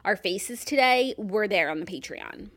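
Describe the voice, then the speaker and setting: A woman's voice: medium pitch, expressive, a little slow, a bit bright. A young woman co-hosting a podcast, chatting casually and now and then drawing out a word to tease. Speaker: podcast co-host. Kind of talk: casual chat.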